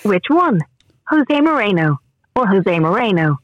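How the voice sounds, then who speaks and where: Irish-accented female text-to-speech assistant, smooth and even, with lively pitch, heard through a muffled phone speaker. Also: measured pace. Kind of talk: synthetic assistant replies.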